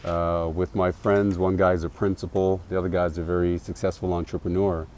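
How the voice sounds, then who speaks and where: A man in his forties with a very deep, mellow voice tells a story in an interview. He speaks in a measured, reflective way, pausing now and then on a filler. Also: little pitch movement, slight background noise. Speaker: academic interviewee. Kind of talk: interview recollection.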